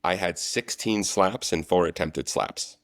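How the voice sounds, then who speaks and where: A man telling set stories as a guest, relaxed and chatty in a casual interview. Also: deep voice, a little slow. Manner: animated storyteller, relaxed and chatty. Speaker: guest, actor and stunt coordinator.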